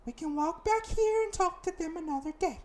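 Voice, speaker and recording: A man voicing a chipper young woman detective partner in a high, sing-song put-on voice while playing a game. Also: expressive, a little fast. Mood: teasing.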